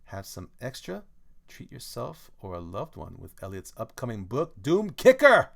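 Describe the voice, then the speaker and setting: A man putting on the voice of a booming male ad announcer with loud, punchy promo delivery. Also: huge pitch swings, a little slow, vocal fry, full character voice. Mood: hyped.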